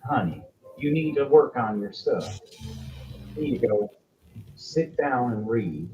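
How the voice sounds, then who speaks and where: A man's voice: mid-range voice, animated, slow, mellow, dull audio, soft background music. A man voicing a bossy, brash female pirate captain who barks orders and teases the crew in a tabletop game. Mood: teasing. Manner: barking orders, teasing.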